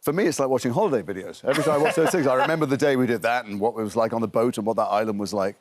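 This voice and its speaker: A man's voice: mid-range voice, racing, background noise. A middle-aged man from Liverpool, an actor guest on a breakfast TV interview, telling chatty, self-mocking anecdotes. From Liverpool, England.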